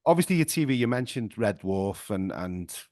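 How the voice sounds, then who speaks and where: A man with a Liverpool accent asking questions in a friendly, matey manner. His voice is fairly low, and the recording is close and dry. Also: lively intonation, normal speed, darkish tone, no room sound. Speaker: interviewer. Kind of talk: casual interview chat.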